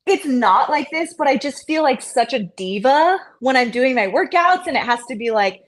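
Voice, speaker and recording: Animated self-mocking woman athlete. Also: normal speed, few pauses. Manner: animated, self-mocking, acts out quotes in a higher voice. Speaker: interview guest, CrossFit athlete. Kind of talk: casual interview chat.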